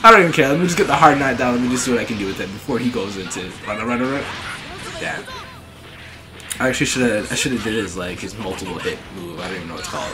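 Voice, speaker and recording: A man giving excited live commentary over his own fighting game matches, trash-talking his opponent, laughing and shouting often. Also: on the low side, rapid-fire. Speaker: gaming channel host. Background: fighting game music and sound effects.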